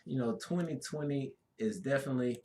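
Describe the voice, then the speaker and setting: A man co-hosting a casual spiritual talk, speaking in an easygoing, drawn-out way with frequent affirmations. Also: medium pitch, darkish tone. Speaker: co-host.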